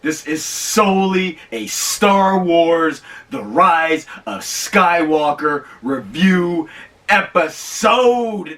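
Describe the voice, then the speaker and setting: High lively guy doing his movie review vlog, slangy and emphatic, mic a bit far off. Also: extremely slow. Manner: animated and emphatic, slangy, stretches words for emphasis. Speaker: host of a movie review show.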